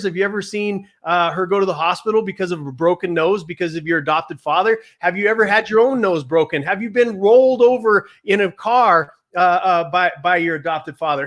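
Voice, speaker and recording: A man speaking as a guest on a live video call, telling his story in a blunt, emphatic and rapid way. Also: high-pitched, a bit bright. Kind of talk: casual livestream talk.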